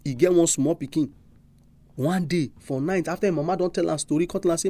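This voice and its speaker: A preacher with a Nigerian accent delivering a sermon, full of animated, emphatic rhetorical questions. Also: mid-range voice, fast, no echo.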